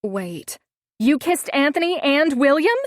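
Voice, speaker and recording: A woman's voice: sits high, measured pace, no echo, clean studio sound, pitched above the performer's own voice. Woman doing a shrieking, giddy young woman friend. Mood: excited. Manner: shrieking, excitable.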